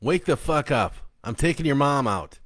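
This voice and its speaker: A man reading a story aloud and voicing a bullying, foul-mouthed stepdad who shouts and spits his words. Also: medium pitch, expressive, normal speed, voice pushed up, natural voice. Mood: yelling.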